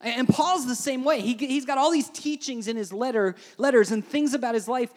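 A pastor preaching a sermon in a chatty, animated way, often checking in with "right?" and swinging between quiet and loud. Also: medium pitch, moderate pace. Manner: conversational, with frequent "right?" asides.

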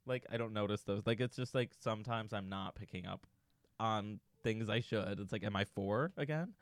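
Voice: mid-range voice, moderate pace, no echo. A young podcast co-host asking would-you-rather questions in a playful, joking way. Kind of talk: casual chat.

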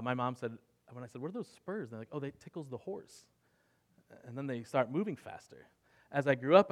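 A man preaching a sermon in an earnest way, moving between soft, quiet passages and louder emphatic ones. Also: mid-range voice. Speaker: pastor.

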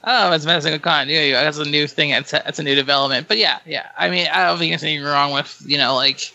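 A man with a somewhat high, very bright voice and a gravelly edge jokes around in a casual podcast chat. He keeps a playful tone, and his sound is dry and close. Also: steady tone, fast talker, lo-fi sound. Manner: joking, playful.

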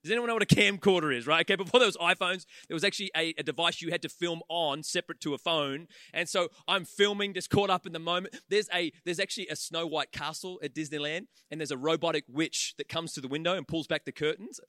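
A man around forty preaching a sermon in a large auditorium, an animated storyteller who throws quick humorous asides to his audience. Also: fairly high pitch, no room sound, studio quality. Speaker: pastor.

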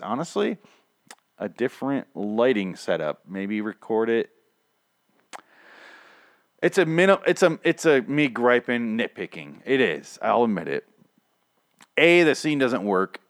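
A young host's mid-range voice carries a casual one-man recap of a TV episode, full of complaints, profanity, rambling, and repeated restarts. The recording is dry with clean studio sound.

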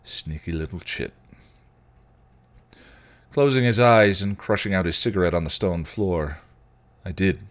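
A man, a podcast host, reading fan fiction aloud in an expressive storytelling way. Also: deep voice, a little slow, pauses often.

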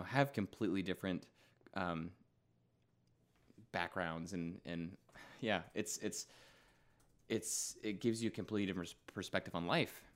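A young man in casual podcast chat, rambling and restarting his sentences, now and then breaking into loud goofy bits. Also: sits low. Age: young adult.

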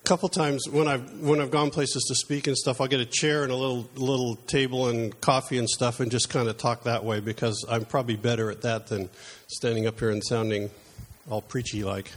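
A man's voice: medium pitch, little pitch movement, brisk, hardly any pauses. A middle-aged man preaching a conversational sermon, telling personal stories in a chatty, self-deprecating way.

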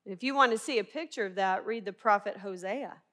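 With a medium-pitched, somewhat bright voice, she talks briskly. She's a middle-aged woman from Arkansas whose Southern American twang colors her earnest, emphatic Bible teaching, which often turns to rhetorical questions for the listeners.

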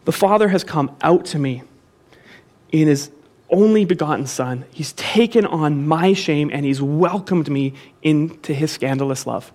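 Man, high voice, pastor, sermon, emphatic, repeats key phrases. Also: a little slow, a little mellow. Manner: emphatic preaching, repeats key phrases, asks the congregation to respond.

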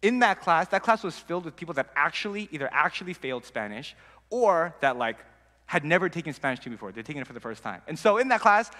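Young man, casual storytelling, lively swinging pitch, fairly high voice, long reverb. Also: quick pace. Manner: animated, acts out quoted dialogue.

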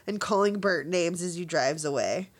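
A woman's voice: on the low side, moderate pace. Brief: woman podcast co-host, giggly, recaps scenes and acts out lines. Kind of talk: casual movie recap chat.

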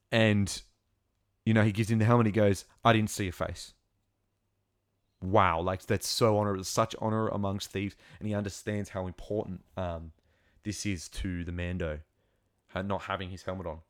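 Excitable rambling man with a low voice. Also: moderate pace, no room sound, clean studio sound. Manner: excitable, rambling, many fillers and restarts. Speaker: show reviewer. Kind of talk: casual episode recap.

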